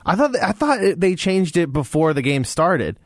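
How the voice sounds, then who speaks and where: A man's voice: a little high, very animated, moderate pace, no echo. A man co-hosting a sports talk show, hedging his points in a hesitant way with some dry humor. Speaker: co-host.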